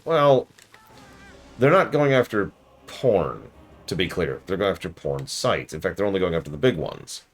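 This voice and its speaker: A man's voice: low-pitched, big pitch swings, moderate pace, faint music behind. A man streaming a game review, talking in a sarcastic, ranting way. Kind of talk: casual live-stream commentary.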